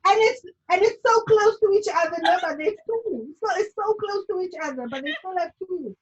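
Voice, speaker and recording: A woman's voice: very high voice, lively intonation, normal speed. A South African woman chatting as a guest over a video call, rambling with lots of "like" fillers. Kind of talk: casual chat. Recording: dull lo-fi video call audio.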